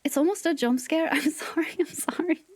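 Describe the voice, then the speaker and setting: A woman streamer with a high voice chats casually with her viewers in a playful, teasing way. She often drops into quick whispered asides. The close, dry recording has no trace of room echo. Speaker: livestreamer.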